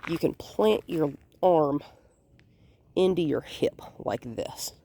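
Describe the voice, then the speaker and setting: A woman dog trainer filming a walk outdoors on a hand-held phone, calmly explaining and softly praising the dog. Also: low voice, takes it slowly, breathy edge, no echo. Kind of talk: hands-on training demonstration. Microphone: phone held in one hand.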